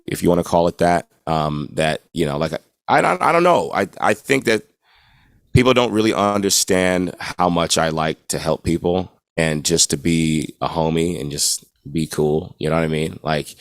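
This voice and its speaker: A man's voice: low-pitched, dry recording, studio quality. An American man who is a guest guitarist on a podcast, talking in a laid-back, casual way and swearing freely. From United States. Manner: laid-back, swears freely, keeps asking "you know what I'm saying".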